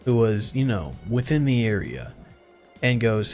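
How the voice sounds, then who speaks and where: Lively blunt male streamer. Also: mid-range voice, brisk, faint music behind. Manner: blunt, animated, laughs often. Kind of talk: casual storytelling while gaming.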